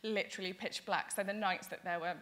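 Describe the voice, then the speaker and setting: Young woman, interview guest, bright voice, earnest and eager delivery full of fillers. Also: mid-range voice, steady tone, a little fast. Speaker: interview guest, charity founder. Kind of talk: conversational interview storytelling.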